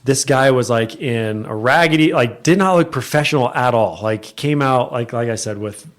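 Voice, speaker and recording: A man's voice: mid-range voice, moderate pace. A man co-hosting a podcast, casually telling a work story and acting out the people in it. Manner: animated, acts out quoted people. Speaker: real estate agent, podcast co-host. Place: podcast studio.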